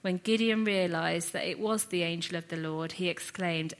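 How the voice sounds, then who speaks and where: A woman teaching a sermon series, retelling a scripture story in an earnest, reflective way with lively asides. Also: lowish voice, normal speed, hardly any pauses. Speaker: Bible teacher.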